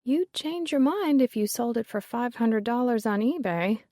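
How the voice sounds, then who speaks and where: A woman voicing a shrewd middle-aged mother who coaches her daughter in a brisk, urgent way. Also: fairly high pitch, lively intonation, dark tone, dry recording, pitched above the performer's own voice, close to an everyday voice.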